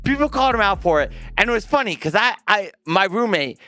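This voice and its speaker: Bright-voiced young man ranting about sports. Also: high-pitched, animated, a little fast, no echo, faint music behind. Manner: profane, emphatic, talks to viewers like a friend. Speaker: sports commentary vlogger. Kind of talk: casual opinion rant.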